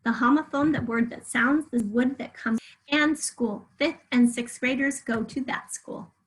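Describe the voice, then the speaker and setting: Patient elementary teacher, woman, higher voice. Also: steady tone, a little slow, rough recording. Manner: patient, clear teacher talk with examples. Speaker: third grade teacher. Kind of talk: remote spelling lesson over shared slides.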